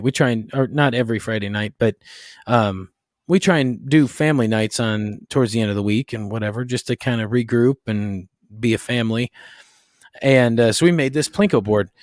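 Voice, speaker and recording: A man's voice: mid-range voice, moderate pace, dry recording. Male podcast co-host, casual chatty delivery with frequent laughs, dry close recording. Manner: chatty, laughs often, repeats himself. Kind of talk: casual chat.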